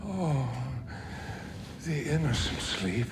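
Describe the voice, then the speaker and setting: A man's voice: on the high side, big pitch swings, slow. An actor playing Macbeth, a shaken nobleman fresh from a killing, speaking in an agitated, haunted way in a stage drama. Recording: noisy film audio.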